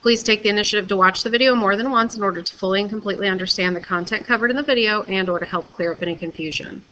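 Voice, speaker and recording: A woman teacher giving a recorded video lesson, explaining patiently and clearly and often checking with "okay?". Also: mid-range voice, rapid-fire, pushed and bright, muffled recording, slight background noise.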